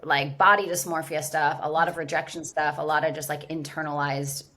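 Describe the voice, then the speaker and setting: A woman from California, a business founder guesting on a casual podcast interview, tells her story candidly and animatedly, using "like" as a frequent filler. Her low voice has fairly even intonation, a sharp tone, and a brisk pace.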